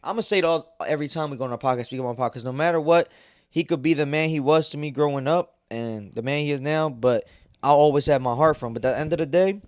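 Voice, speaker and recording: A man co-hosting a podcast in casual chat, chiming in with quick remarks. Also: a little high, dry recording, studio quality. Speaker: podcast co-host.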